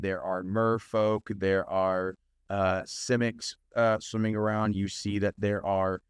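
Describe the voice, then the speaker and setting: Deep-voiced, unhurried game master man. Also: smooth, no echo. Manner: unhurried, hesitant with fillers. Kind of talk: narrating a tabletop game.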